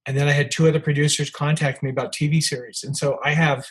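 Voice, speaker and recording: A man's voice: fairly high pitch, level tone, quick pace, breathy edge, poor audio. An older man, an author, telling rambling anecdotes as a podcast guest, with many restarts and fillers. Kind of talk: storytelling in a podcast interview.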